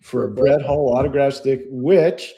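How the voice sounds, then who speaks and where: A middle-aged man co-hosting a podcast, telling anecdotes in a lively way and acting out the voices of the people in them. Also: mid-range voice, unhurried. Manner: animated storyteller, acts out quoted voices, laughs often. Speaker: podcast co-host. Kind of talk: storytelling in casual chat.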